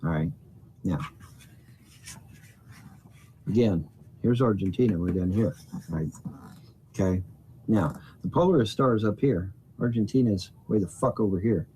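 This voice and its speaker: A man's voice: lowish voice, a little slow, long pauses, warm tone, slight background noise. A man in a rambling, indignant monologue to camera, swearing freely and often repeating himself and starting over. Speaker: YouTuber. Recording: dull lo-fi recording.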